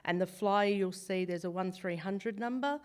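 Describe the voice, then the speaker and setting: An Australian woman with a croaky, hoarse voice giving a chatty talk about a community mental health service at a church event. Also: medium pitch, normal speed. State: hoarse from cheering. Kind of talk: informal presentation.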